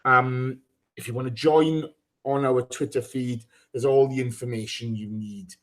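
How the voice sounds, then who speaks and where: A man's voice: mid-range voice, fairly even intonation, a little slow, fairly bright tone. A man hosting a live football podcast, teasing his co-hosts, swearing freely and reading out listener names. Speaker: podcast host. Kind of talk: casual live podcast chat.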